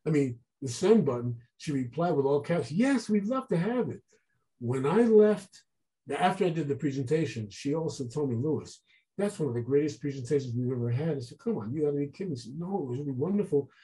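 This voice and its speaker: A man telling a long story as an interview guest, animated and acting out the voices of people he quotes. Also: on the high side, brisk, low-quality recording. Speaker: guest artist. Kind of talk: casual storytelling.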